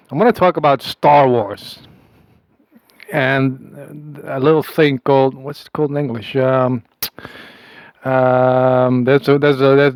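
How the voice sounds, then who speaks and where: A man rambles through a comic audio message in a put-on accent, stalling and circling back with a conspiratorial, self-amused air. His voice sits at an ordinary middle pitch. The sound is close and completely dry. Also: darkish tone, smooth, no echo, rough recording. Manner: putting on an unplaced accent. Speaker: comic monologuist.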